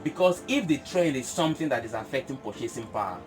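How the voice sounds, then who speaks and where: A man talking about business in a casual chat, animated and emphatic, laughing often. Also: mid-range voice, quick pace, over music. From Nigeria. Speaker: business guest.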